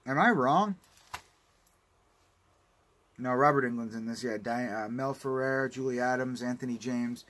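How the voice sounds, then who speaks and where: A man's voice: mid-range voice, a little slow, pauses often, fairly bright tone. A man giving a casual unboxing review of home video releases, rambling and ranting with plenty of swearing. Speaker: home video collector vlogger.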